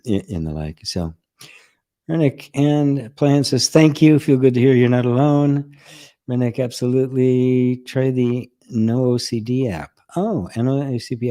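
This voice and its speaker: Male spiritual teacher, lowish mellow voice, easygoing live-stream chat. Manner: relaxed and conversational, laughing often, with frequent "right?". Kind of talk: casual live-stream talk with viewer comments.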